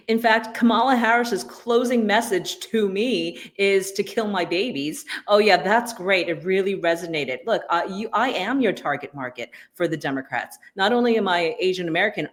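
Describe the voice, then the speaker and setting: A middle-aged woman co-hosting a political talk show, telling stories in an animated, sarcastic way. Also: medium pitch. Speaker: co-host. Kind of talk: casual political chat.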